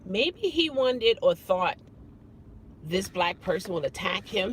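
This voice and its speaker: A woman chatting casually as a vlogger, telling a story in an animated way and acting out quoted lines. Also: mid-range voice, unhurried, slight background noise, rough recording.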